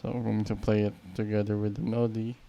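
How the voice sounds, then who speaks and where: A man's voice: lowish voice, monotone, quick pace, creaky, lo-fi sound. A man teaching a piano tutorial, counting beats aloud and explaining patiently. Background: piano playing.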